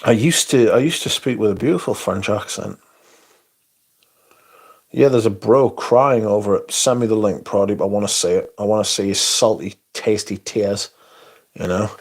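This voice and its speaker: A man's voice: fairly low pitch, normal speed, breathy edge. A man hosting a casual livestream, sweary and sardonic, reading chat aloud as he talks. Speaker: livestream host.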